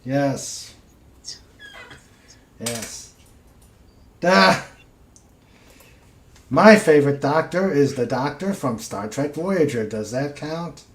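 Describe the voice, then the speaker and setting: A man's voice: mid-range voice, expressive, drawn-out words, long pauses. A man hosting a casual podcast, reading out chat comments, laughing often and trailing off into mumbles. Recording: roomy echo with faint noise.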